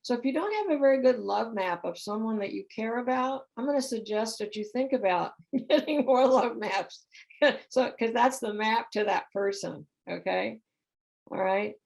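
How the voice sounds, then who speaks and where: A woman's voice: fairly high pitch, normal speed, gravelly, darkish tone, rough recording. A middle-aged woman giving a conversational talk about relationships, often putting questions to her audience. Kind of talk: spiritual center talk.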